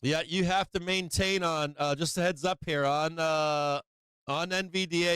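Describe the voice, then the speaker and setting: A man's voice: on the high side, steady tone, moderate pace, a bit bright, smooth, dry recording. A man hosting a casual stock market livestream, brash and profane, talking prices and trading levels. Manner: brash, profane, whooping and laughing.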